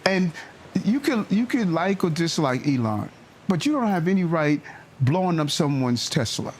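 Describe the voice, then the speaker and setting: A man's voice: fairly high pitch, very animated, normal speed, slight background noise. A man in a casual podcast chat, arguing earnestly with rhetorical questions.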